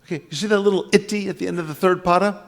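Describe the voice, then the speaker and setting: A man's voice: sits high, fairly even intonation, rapid-fire. An older man from the US East Coast giving an emphatic, dramatic lecture on scripture, repeating key phrases for weight. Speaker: spiritual teacher.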